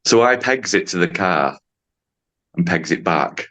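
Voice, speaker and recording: A man, a podcast guest and driving instructor telling a story in a lively, casual way, acting out what people said and laughing often. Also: sits low, measured pace. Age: 50s. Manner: animated storyteller, acts out quotes, laughs often.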